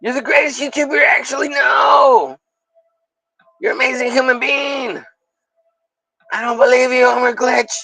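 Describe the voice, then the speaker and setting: A man putting on the voice of a clingy, dramatic male friend, wailing and shouting in mock complaint. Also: fairly even intonation, normal speed, creaky, long pauses, no echo, exaggerated voice, poor audio. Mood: whiny dramatic. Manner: shrill, wailing, melodramatic.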